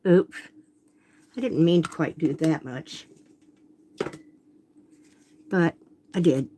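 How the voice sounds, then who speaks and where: A woman's voice: sits low, slow pace, background noise. Chatty woman painting live on stream. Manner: chatty, self-interrupting, apologetic. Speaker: watercolor artist hosting a live stream. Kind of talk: casual live demonstration chat. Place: home art workspace. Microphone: phone camera.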